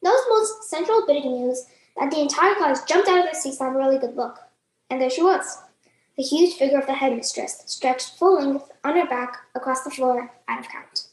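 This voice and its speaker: A woman giving a dramatic reading of a novel passage, jumping into shrill voices for shouted lines. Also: moderate pace, echoey room, poor audio. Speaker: student performer.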